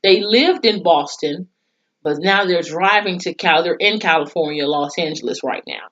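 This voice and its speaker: A woman's voice: on the low side, moderate pace, fairly bright tone, lo-fi sound. A young woman casually recapping a TV episode, chatty and profane, acting out the characters' lines as she goes. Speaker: TV reviewer.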